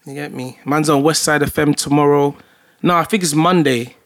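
A man's voice: on the high side, fairly even intonation, normal speed. A young man, co-hosting a casual group-chat podcast in a laid-back, slangy way. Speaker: podcast co-host.

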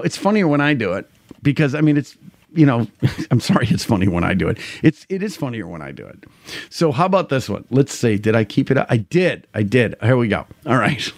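A man's voice: mid-range voice, no echo. A man, hosting a livestream in loose, crude, jokey rambling. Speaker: livestream host. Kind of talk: casual chat.

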